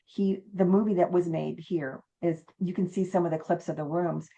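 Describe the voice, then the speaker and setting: A woman's voice: lowish voice, normal speed, vocal fry. A woman who owns a haunted inn, telling stories in a casual interview and acting out the quotes. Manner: animated storyteller, acts out quotes. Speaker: haunted inn owner and guest.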